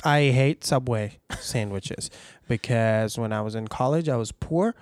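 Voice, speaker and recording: A man, a guest who does voiceover work, chatting casually on a podcast with dry, dark humor. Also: medium pitch, measured pace, clean tone, no echo. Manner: dry, dark joking with voice-switching asides.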